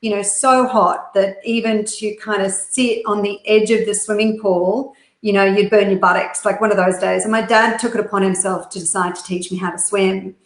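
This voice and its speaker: A woman with an Australian accent telling stories quickly and animatedly as an interview guest, with plenty of fillers. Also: mid-range voice, fairly even intonation. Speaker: guest, business founder. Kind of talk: interview storytelling. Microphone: video call. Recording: roomy echo.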